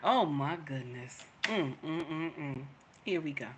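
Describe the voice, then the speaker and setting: A woman giving casual reaction commentary, animated and repetitive, talking straight to her viewers. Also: low voice, unhurried. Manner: animated, repeats herself, talks to viewers.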